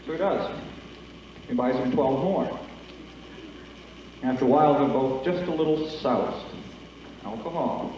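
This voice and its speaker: A man's voice: medium pitch, a little slow, long pauses, a little mellow, distant mic, a little hiss or hum. Man telling a long joke in an echoey hall. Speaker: talent show emcee. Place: school auditorium. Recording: echoey hall taped from afar.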